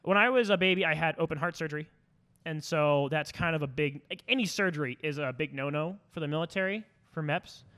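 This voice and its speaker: A young man telling stories on a casual podcast, swearing a lot and animated. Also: a little high, fairly quick. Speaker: podcast co-host.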